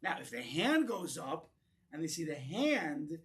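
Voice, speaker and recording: Brief: man, rabbi giving a class, lively, higher than average pitch, repeats words as he restarts. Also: a little slow. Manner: animated, acts out voices in quoted lines, repeats words as he restarts. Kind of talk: lecture with audience discussion. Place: synagogue.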